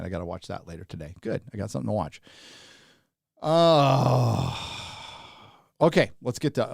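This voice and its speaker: A tired livestream host running on little sleep chats casually and rambles while reading out viewer names. His voice is deep and a little mellow, with vocal fry. The sound is clean studio quality with no room sound.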